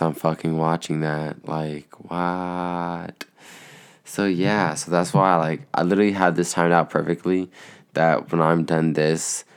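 A man's voice: deep voice, clean tone. A young man in casual, rambling vlog chat, laid-back and profane, sounding tired. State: tired, yawning. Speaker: vlogger.

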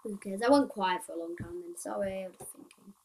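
A woman's voice: mid-range voice, darkish tone, slight background noise, rough recording. A woman hosting a casual solo podcast, rambling and thinking aloud as she reads out game update notes. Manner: thinks aloud with pauses and restarts. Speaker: podcast host.

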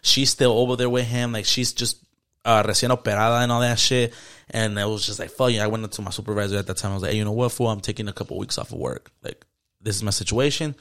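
Fast-talking man swearing through a story. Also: on the low side, fairly even intonation, a bit bright. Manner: storytelling with heavy swearing and slang. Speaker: podcast co-host. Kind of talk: casual chat.

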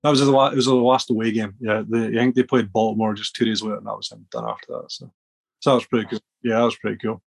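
A man's voice: lowish voice, fast talker, vocal fry, slightly rough. A man from Scotland, a podcast guest telling rambling stories with many restarts. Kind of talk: casual storytelling.

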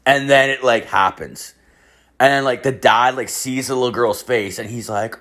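A man's voice: medium pitch, normal speed, a bit bright. A man in his thirties telling a rambling story, swearing constantly and filling it with "like". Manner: rambling, profane, filler-heavy storytelling. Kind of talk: casual anecdote.

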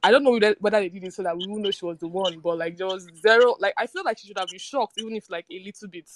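A woman's voice: medium pitch, very fast, no room sound. A woman in a casual film-review chat, rambling and puzzled, leaning heavily on "like". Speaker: podcast panelist.

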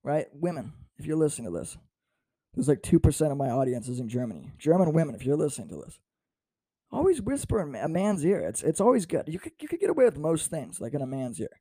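A man's voice: on the high side, very animated, fast, warm tone, slightly rough, no room sound, clean studio sound. A man in his twenties, a stand-up comedian, telling self-mocking stories in a playful monologue with swings in volume. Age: 20s.

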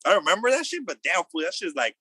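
A young man telling a wild story in loose, slangy casual chat, acting out the quotes loudly. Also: sits high, very animated, fast, breathy edge, no room sound.

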